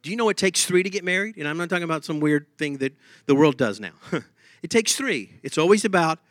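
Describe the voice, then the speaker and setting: A man preaching a lively sermon, humming tunes and laughing as he talks. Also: fairly high pitch, fast, no room sound, clean studio sound, faint music behind.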